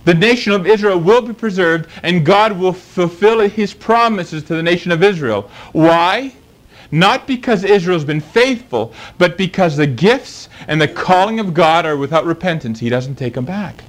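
A man's voice: high voice, animated, moderate pace, rough recording. A man preaching a sermon, emphatic and fond of rhetorical questions.

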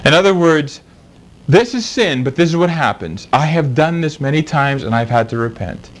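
Animated male preacher, lively pitch. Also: poor audio. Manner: animated preaching, reads scripture slowly. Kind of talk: sermon.

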